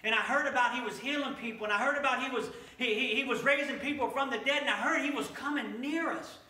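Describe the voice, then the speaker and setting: A man's voice: very high voice, fast talker, sharp tone, roomy sound, recorded from a distance, a little hiss or hum, heavily acted. A man voicing a poor, sick woman who stammers as she pleads for more time to pay. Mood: joyful. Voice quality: stammering, breathless. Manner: pleading, then exuberant. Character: poor sick woman begging for time, later overjoyed and healed.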